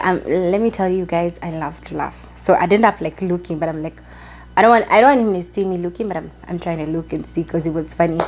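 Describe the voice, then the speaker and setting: A woman's voice: fairly low pitch, a little mellow. A young Kenyan woman chatting to camera as a vlogger, rambling and chatty with lots of fillers and Swahili phrases. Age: young adult. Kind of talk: casual chat to camera.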